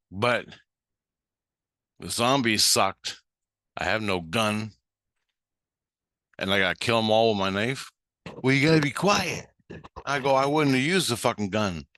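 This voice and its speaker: A vlogger with a fairly low voice rambles through a profane rant, animatedly acting out both sides of a conversation as he retells it. The recording is studio quality with no echo.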